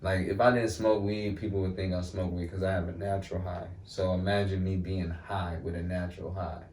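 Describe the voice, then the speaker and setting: A young Milwaukee man, guesting on a casual chat, spins relaxed, slang-heavy stories and keeps dropping "you know what I'm saying." His voice sits low with a darkish tone, and his delivery is flat and brisk. The recording is roomy and echoey, with a distant mic and faint noise.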